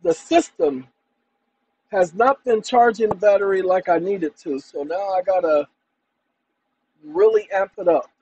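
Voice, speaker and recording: A man's voice: high voice, measured pace, pauses often, a little mellow, breathy edge, rough recording. A man hosting his own channel, talking to viewers in an emphatic, combative, colloquial monologue. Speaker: channel host.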